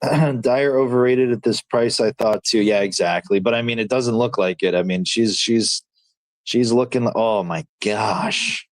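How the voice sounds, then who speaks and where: Excitable man reacting to fights live. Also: mid-range voice, unhurried, no room sound. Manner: excitable, slangy, talks to chat as dude and bro. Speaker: livestream host.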